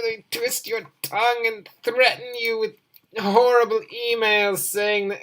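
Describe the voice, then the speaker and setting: A woman's voice: fairly high pitch, steady tone, measured pace. A woman hosting a game let's play, rambling playfully and chatting to her in-game companion as she goes. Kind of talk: casual gameplay commentary.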